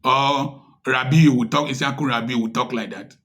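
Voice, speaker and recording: A man's voice: mid-range voice, steady tone, moderate pace, fairly bright tone. A man with a Nigerian English accent giving impassioned commentary, firing off rhetorical questions in a preachy tone. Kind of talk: direct-to-camera social commentary.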